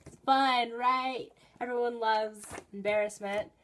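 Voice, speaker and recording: A teenage girl telling stories in a casual, rambling vlog from her bedroom, with bursts of excited emphasis. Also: a little high, measured pace, a little hiss or hum. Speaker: vlogger.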